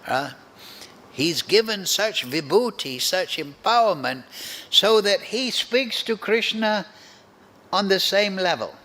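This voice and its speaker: A man giving a devotional scripture class, speaking in a slow, deliberate and reflective way. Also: high voice, lively intonation, pushed and bright. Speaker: spiritual teacher.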